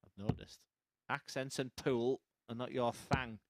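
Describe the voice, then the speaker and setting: A man's voice: mid-range voice, level tone, unhurried, a little hiss or hum. A man giving live darts commentary, chatty and opinionated, teasing his co-commentator from the commentary box.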